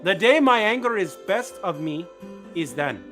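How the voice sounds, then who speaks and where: A man's voice: sits high, very animated, normal speed, a bit bright, faint music behind. A man putting on a mock Russian accent to play a boastful middle-aged immigrant speaking broken English.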